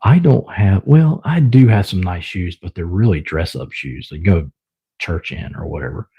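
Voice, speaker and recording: A man's voice: deep voice, animated, moderate pace, gravelly, slightly rough, lo-fi sound. A young man with a Southern US accent, chatting loosely with viewers on his own live stream, rambling with lots of fillers. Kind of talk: casual live stream chat.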